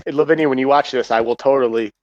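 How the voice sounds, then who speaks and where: A man's voice: medium pitch, rapid-fire, highs cut off, very noisy. A man co-hosting a casual podcast over a video call, bantering and swearing with the guests. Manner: joking, profane banter. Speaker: podcast co-host.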